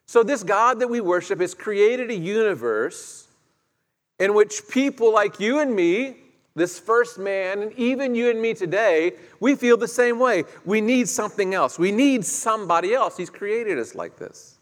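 A high-pitched, animated man preaches a little slowly, chatting through the story and asking the congregation questions. Long reverb fills the echoey hall where it was recorded.

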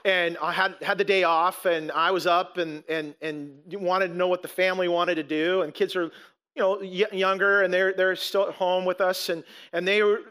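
A man's voice: high-pitched, flat delivery, normal speed, pushed and bright, clean tone. A man preaching a sermon as a pastor, emphatic, asking rhetorical questions and repeating words as he restarts.

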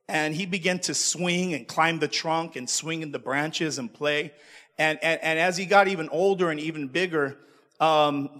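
A man's voice: a little high, fairly bright tone, in a large hall. A male preacher delivering a sermon, calling out to the congregation and repeating himself as he goes. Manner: call-and-response, stumbling repeats.

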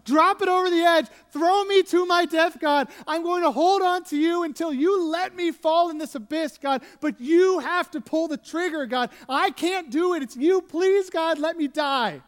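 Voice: extremely high pitch, lively intonation, moderate pace, big-room sound, pitched above the performer's own voice. A preacher voicing a despairing ancient man who pleads with God to let him die, in a raised, anguished voice during a sermon. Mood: pleading.

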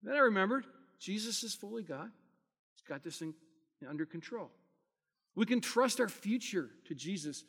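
Man, pastor, sermon, high voice, earnest, loud peaks and quiet drops, long reverb. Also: animated, moderate pace, gravelly, long pauses, husky. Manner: earnest preaching, swelling loud on key phrases then dropping quiet.

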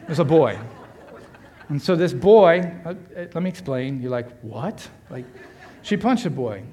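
A middle-aged male pastor delivering a sermon in an easygoing, conversational way. His voice sits somewhat high for a man. He leans into self-deprecating humor and playful asides. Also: expressive, normal speed, dark tone, a faint crowd.

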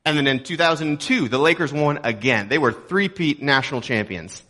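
A man's voice: on the high side, moderate pace, pushed and bright. A young adult man from Texas preaching a sermon as a pastor, in a conversational, joking way with rhetorical questions. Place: church auditorium.

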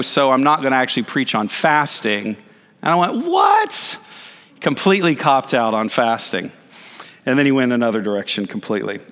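A man in his forties, a pastor giving a conversational sermon with animated, self-deprecating asides. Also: medium pitch. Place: church sanctuary. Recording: reverberant church hall.

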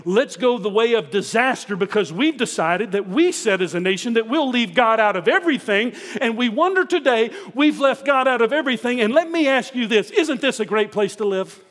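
A pastor delivers an emphatic sermon in a high, ringing voice. He keeps turning to the congregation with rhetorical questions. His words carry a long reverb, as if filling a large sanctuary. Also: animated, brisk, a bit bright.

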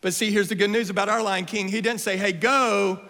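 High, gravelly-voiced preacher in a hall. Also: male voice, fast talker. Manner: playful, energetic, rising to shouts. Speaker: guest preacher. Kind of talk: sermon. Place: church sanctuary. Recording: long hall reverb.

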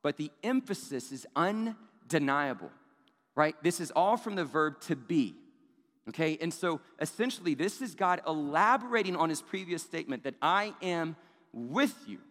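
A man's voice: on the high side, lively intonation, normal speed. Man preaching with a long hall echo. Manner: builds from conversational asides to loud emphatic peaks. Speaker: pastor. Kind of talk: sermon. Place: large church hall.

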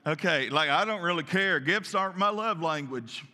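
A man preaching a lively, folksy sermon and slipping into character voices. His voice sits high and sounds very bright and forceful. A long reverb trails after each phrase, as if it fills a large space. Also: moderate pace. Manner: animated, folksy, acts out voices. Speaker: pastor.

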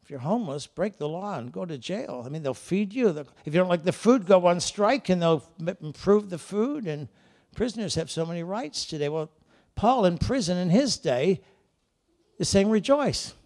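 A man preaching a lively church sermon, swinging between shouted calls and quiet, joking asides, and acting out people's voices in his stories. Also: sits high, moderate pace. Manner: acts out characters in voices. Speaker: guest preacher. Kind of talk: Pentecostal-style sermon. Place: church service.

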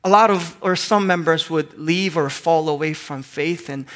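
A man's voice: fairly high pitch, normal speed, fairly bright tone. A male pastor preaching a sermon, telling funny stories and acting out little voices. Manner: playful, acts out voices in anecdotes. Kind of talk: sermon with humorous storytelling.

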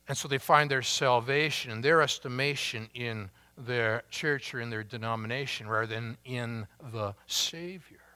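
A man preaching a sermon, slow and emphatic, drawing out key words with long pauses. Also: mid-range voice, bright, forceful tone, clean tone. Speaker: pastor.

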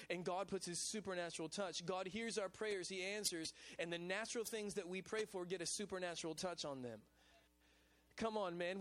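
A male pastor of a college ministry, preaching a lively sermon in a casual, chatty way at a church service. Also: high-pitched. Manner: casual and chatty, with repeated "man" and "you know what I'm saying".

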